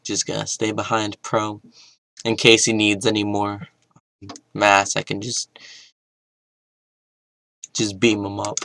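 A young man giving casual gameplay commentary, mostly mumbling to himself with sudden loud outbursts. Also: on the low side, monotone, slow pace, creaky, long pauses, a little hiss or hum, poor audio. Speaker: gaming YouTuber.

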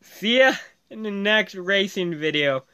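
A man from Canada hosting his own gaming channel, giving excitable let's-play commentary and shouting at the game as he races. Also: high voice, unhurried, clear, resonant tone.

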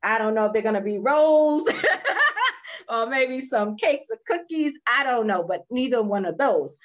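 A woman hosting a virtual spa session over a video call, energetic and cheery, calling out to her viewers. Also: fairly high pitch, a little slow, dull audio. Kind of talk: lively livestream chat.

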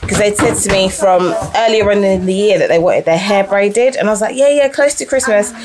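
A mother, chatting casually to camera as the host of a family vlog, animated and a little breathless from blow drying. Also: mid-range voice, brisk, crowd noise. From United Kingdom. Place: family home, indoors. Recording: noisy home recording.

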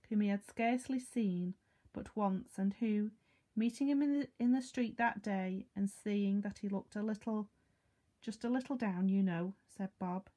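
Woman, reading aloud, plain, measured, mellow, warm tone. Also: medium pitch. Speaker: reader.

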